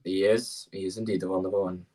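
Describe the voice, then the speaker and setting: A man calling live tennis play-by-play as co-host, brisk and quick to correct himself with apologetic asides. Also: low-pitched, level tone, a loud crowd.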